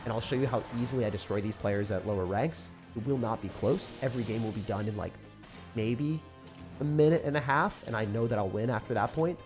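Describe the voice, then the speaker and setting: A young man streaming a game live, reacting loudly and then mumbling low as he talks through decks. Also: a little fast. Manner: excitable, swings from shouting to low mumbling. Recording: faint music behind.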